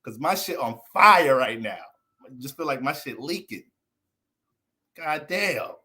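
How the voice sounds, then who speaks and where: A little slow and medium in pitch, an American man who works as an astrologer goes on a rant during a casual livestream. He is profane and lively, joking and laughing between curses.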